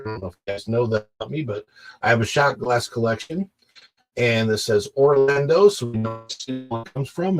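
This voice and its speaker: This is a man chatting casually to livestream viewers from home. He rambles, circles back and corrects himself mid-sentence. His pitch sits in an ordinary middle range. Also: poor audio. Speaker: livestream host.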